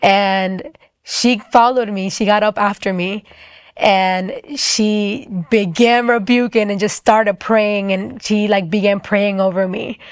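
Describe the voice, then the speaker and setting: A woman's voice: medium pitch, fairly even intonation, takes it slowly, clear, resonant tone, dry recording, clean studio sound. A young woman telling a personal testimony in casual talk, acting out the quoted voices and saying "like" often. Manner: acts out quoted voices, filler-heavy with "like". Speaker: storyteller giving a testimony.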